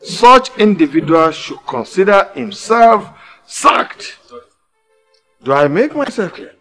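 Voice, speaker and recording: A man with a Nigerian accent playing a stern male employer who slowly warns his staff in commanding tones. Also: high-pitched, big pitch swings, a bit bright, soft background music, heavily acted. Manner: slow, commanding warnings.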